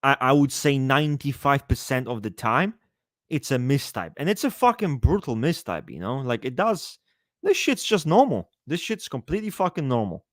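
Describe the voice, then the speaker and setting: A man chatting casually on a live stream, answering his chat in a profane, rambling, animated way. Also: mid-range voice, normal speed, no room sound, studio quality.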